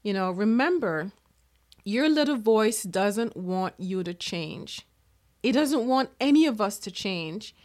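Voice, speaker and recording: A woman's voice: mid-range voice, lively intonation, takes it slowly, darkish tone. A woman speaking as a motivational speaker in an earnest manner, now and then acting out the doubting inner voice. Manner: earnest, acts out inner-voice quotes. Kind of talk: motivational talk.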